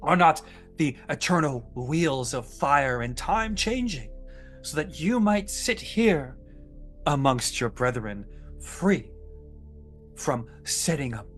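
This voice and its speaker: A man voicing a solemn male preacher who sermonizes slowly in a hushed, scripture-like way. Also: on the high side, very animated, soft background music, heavily acted. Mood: persuasive. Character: solemn male preacher leading a goblin flock.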